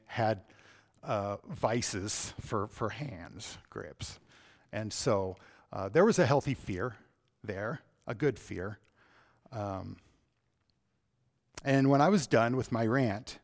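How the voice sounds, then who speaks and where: Middle-aged man, preacher, sermon, swings between loud and hushed. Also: medium pitch. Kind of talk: sermon with personal story.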